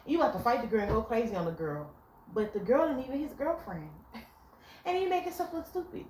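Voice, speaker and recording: Her voice sits a little high and moves at a quick pace as this young woman tells animated stories and curses freely while giving blunt relationship advice in a casual vlog. Slight background noise joins the echoey room's faint ambience.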